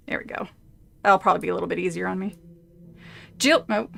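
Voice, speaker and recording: This streamer has a lowish, gravelly, fairly bright voice. She talks quickly but pauses often while reading a horror book aloud, drifting into casual tangents and laughter. Movie audio murmurs faintly behind her.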